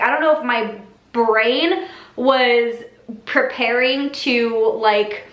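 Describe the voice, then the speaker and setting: A woman's voice: fairly high pitch, fairly bright tone, echoey room. A young woman telling a story to her viewers in casual chat, rambling with lots of likes and restarts. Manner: rambling, many likes and restarts, addresses viewers as you guys. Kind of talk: casual story time to camera.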